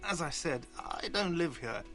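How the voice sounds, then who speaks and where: An actor playing a defensive, irritable middle-aged cafeteria manager in a video game. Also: male voice, fairly high pitch, very animated, moderate pace, over music.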